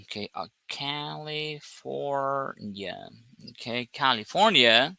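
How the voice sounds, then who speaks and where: A man giving an English grammar lesson at a slow, careful pace, leaning on single words for emphasis. His voice is very bright and forward. He keeps checking in with short questions. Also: mid-range voice, vocal fry, no echo. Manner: explains step by step, stresses words one at a time. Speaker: English teacher.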